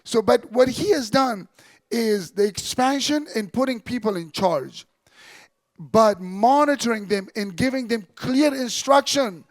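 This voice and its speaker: A man lecturing as an Islamic teacher, telling a historical story in an animated way. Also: very high voice, no room sound. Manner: animated storyteller, quotes figures in dropped voice. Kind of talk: storytelling religious talk.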